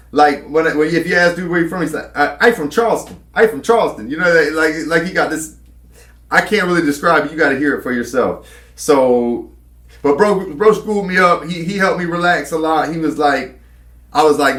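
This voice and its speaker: A man with a fairly high voice tells his story candidly and casually, swearing freely and wandering off with fillers. The sound is roomy, with a noticeable echo. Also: normal speed, fairly bright tone. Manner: candid, profane, rambling with fillers. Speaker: host telling his story.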